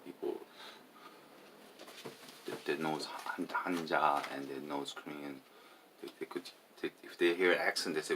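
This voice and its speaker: A tipsy man with an extremely deep, low voice talks in a halting, rambling way. He repeats words and drifts from loud bursts to half-mumbled asides. A faint hiss of noise sits under him. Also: little pitch movement. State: tipsy after drinking. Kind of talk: rambling casual monologue.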